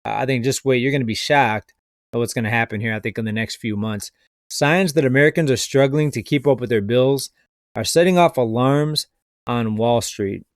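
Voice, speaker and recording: Brief: male finance commentator, mid-pitched, skeptical and rambling, close dry mic. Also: dry recording. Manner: skeptical, rambling, addresses viewers as folks. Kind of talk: casual video commentary.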